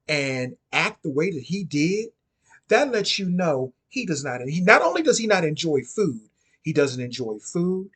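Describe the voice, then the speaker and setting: A man's voice: a little high, slightly rough. A man giving casual spoken commentary on occult topics, sassy and chatty, often repeating and restarting his phrases.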